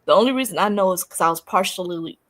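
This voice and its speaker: A relaxed guest chatting on a live video call in an average-pitched voice. They keep things easy and agreeable, dropping short replies into the host's talk. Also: quick pace. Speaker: guest on a livestream. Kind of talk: casual livestream chat.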